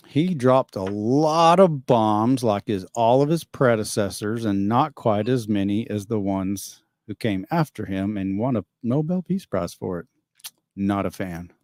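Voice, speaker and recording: A man's voice: fairly low pitch, expressive, a little slow, a little mellow, dry recording, clean studio sound. A man hosting a casual livestream, reading viewer comments and giving rambling, opinionated answers with frequent chuckles. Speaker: livestream host reading chat.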